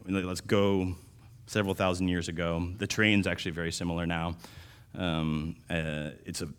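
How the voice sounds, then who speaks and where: Pastor, male, very deep voice; casual sermon delivery, restarts, punchy emphasis. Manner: conversational, with restarts and sudden louder emphasis.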